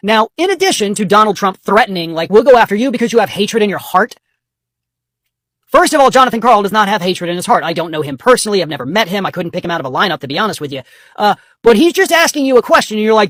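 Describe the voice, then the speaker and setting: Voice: medium pitch, animated, racing, a bit bright, no room sound. Commentator, scornful and mocking, swears freely; dry, close recording. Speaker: political commentator. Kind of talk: political commentary monologue.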